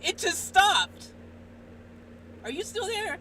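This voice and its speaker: A woman live streamer talking to her viewers and an AI assistant in an excitable, exasperated way, swinging between shouting and muttering. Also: extremely high pitch, takes it slowly. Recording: distant mic, faint background noise.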